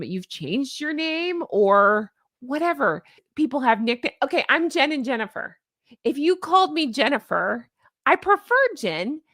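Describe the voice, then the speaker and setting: A woman's voice: sits high, fairly bright tone, no room sound, studio quality. Chatty, opinionated woman livestream host. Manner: chatty, opinionated, reads viewer comments aloud. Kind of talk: casual commentary to a live chat.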